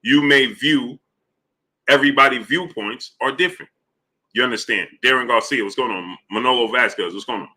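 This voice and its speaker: A man with a very bright, forceful tone hosts a boxing live stream at a middle pitch. He greets chat viewers by name and builds his points with emphatic, repeated questions. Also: normal speed. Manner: shouts out chat names between points, rising emphatic questions. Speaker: boxing channel host.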